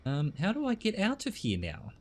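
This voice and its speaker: A man's voice: high voice, huge pitch swings, normal speed, a little hiss or hum. A middle-aged man with a mild Australian accent, chatting casually and self-deprecatingly while playing a game, with many fillers. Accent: Australian, softened. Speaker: game streamer. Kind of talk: casual gameplay commentary.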